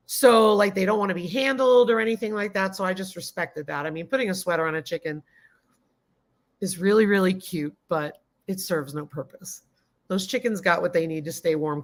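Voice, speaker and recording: Woman hosting a live stream: casual and chatty, reads out the chat, greets viewers warmly, mid-pitched voice. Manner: gushing and grateful toward viewers. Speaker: livestream host.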